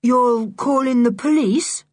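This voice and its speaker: A woman reading an audiobook, voicing a calm, dryly sarcastic eldest boy who takes charge. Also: mid-range voice, moderate pace, husky, no echo, studio quality. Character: cool-headed eldest boy, calm and mocking.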